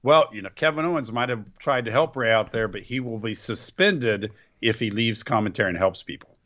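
Speaking a little fast in a medium-pitched, fairly bright voice, this man co-hosts a podcast and goes over wrestling shows with sarcastic, blow-by-blow commentary. The chat is casual, and the recording sounds dull and lo-fi.

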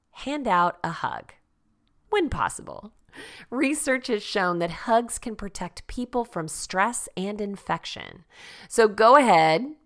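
A woman hosting a lifestyle segment, chatty and upbeat, laughing easily as she goes through tips. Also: on the low side. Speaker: host.

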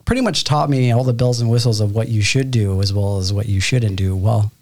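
Gravelly man rambling on a podcast. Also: fairly low pitch, a little fast, darkish tone. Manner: loose, rambling, swears casually. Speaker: podcast co-host. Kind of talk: casual chat.

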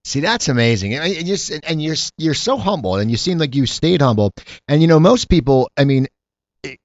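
Male host from back east, quick, lively, rambling questions, dry muffled sound. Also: fairly high pitch, no echo. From eastern United States. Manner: rambling, restarts questions excitedly. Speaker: interviewer host. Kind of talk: casual interview chat.

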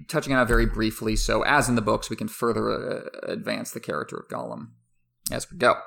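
A man's voice: medium pitch, gravelly, fairly bright tone. A man giving a thoughtful, conversational commentary, often restarting phrases as he thinks aloud. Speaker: commentator on a book and its film adaptation. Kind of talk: conversational analysis, partly scripted essay.

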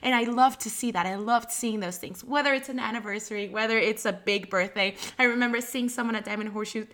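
A woman's voice: on the high side, quick pace, fairly bright tone. A woman guest chatting casually about her old restaurant job, with many fillers and restarts. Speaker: guest, former restaurant host at a theme park. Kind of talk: casual anecdotal conversation.

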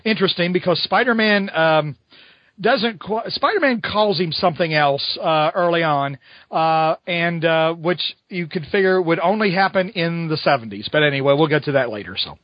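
A high-voiced man rambles happily through a comic book plot, scattering fillers as he goes. The sound is dry and slightly muffled, like a home podcast recording. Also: lively intonation, normal speed, no echo. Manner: rambling, amused storytelling full of fillers. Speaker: podcast co-host. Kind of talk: casual comic book recap.

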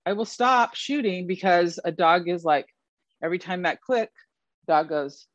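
Animated man telling stories, slightly muffled. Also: high-pitched, unhurried, no room sound. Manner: animated storyteller, laughs often. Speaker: dog sport event photographer, guest. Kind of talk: casual interview chat.

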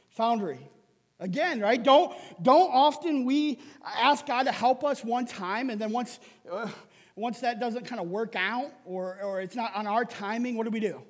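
A male pastor preaching a sermon in a lively way, often asking "right?" and laughing. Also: very high-pitched, a little slow, in a large hall. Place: church hall.

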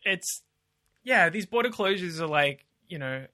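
A man's voice: high voice, animated, unhurried, pushed and bright. A man co-hosting a podcast, casual and blunt, laughing often and swearing freely. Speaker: podcast co-host. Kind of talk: casual chat.

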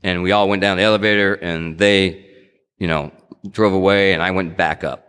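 A man's voice: deep voice, fairly even intonation, moderate pace, fairly bright tone, clean tone. A middle-aged man giving a personal testimony talk in a conversational storytelling way, acting out quotes and often restarting his sentences. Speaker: speaker sharing his recovery story. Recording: long hall reverb.

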